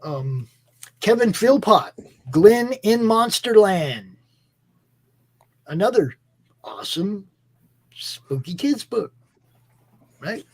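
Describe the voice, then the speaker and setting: Rambling enthusiastic man, slightly high voice. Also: big pitch swings, slow pace, long pauses, a little mellow, rough recording. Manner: enthusiastic, rambling, many fillers and restarts. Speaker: host. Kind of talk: casual chat about comic books.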